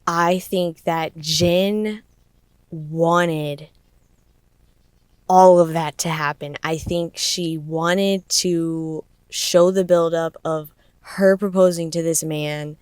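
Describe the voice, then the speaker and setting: A young woman hosting her own podcast, giving casual, expressive commentary and laughing often. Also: deep voice, drawn-out words, clear, resonant tone, dry recording, studio quality. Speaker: podcast host.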